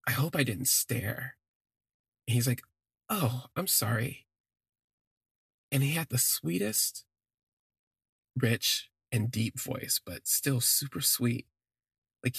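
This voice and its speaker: A man tells a personal story in a gravelly, husky voice, rambling and stopping to correct himself. The recording is close and dry, with no room sound. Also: mid-range voice, dry recording. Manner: rambling, self-correcting, gushing. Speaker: podcast storyteller.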